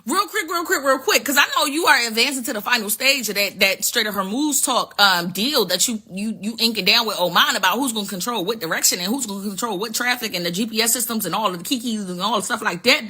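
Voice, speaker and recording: A woman hosting a talk show, giving sassy, profane, animated commentary on world news in a casual street style. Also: fairly high pitch, a little fast, husky. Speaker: host.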